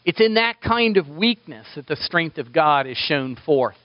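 A male pastor preaching a sermon, swinging from loud, high pleading prayers down to hushed near-whispers. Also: lively intonation, a little slow, no room sound, muffled recording.

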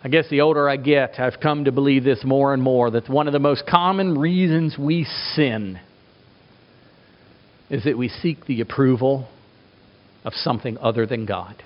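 A middle-aged man preaching a sermon as a pastor, emphatic, asking rhetorical questions and swinging his pitch for effect. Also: normal speed. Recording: dull lo-fi recording.

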